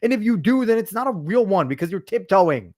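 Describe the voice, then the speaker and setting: A man's voice: high voice, lively intonation, fairly quick, darkish tone. A man hosting a podcast, ranting bluntly and with plenty of swearing, lecturing his listeners emphatically in casual commentary. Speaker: podcast host.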